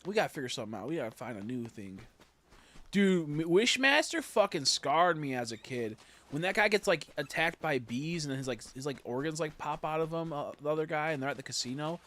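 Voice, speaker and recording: A young man casually chatting on a game livestream, rambling and joking, jumping from loud bursts to low mutters. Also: lively intonation, fairly quick. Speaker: streamer. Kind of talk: casual livestream chat while gaming.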